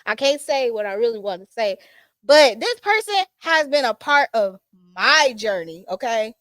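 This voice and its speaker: Chatty excited lady host, kinda high voice, dry close mic, says um a lot. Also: moderate pace, no echo. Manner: excitable, chatty, with many fillers. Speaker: podcast host. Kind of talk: casual chat. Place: small studio set.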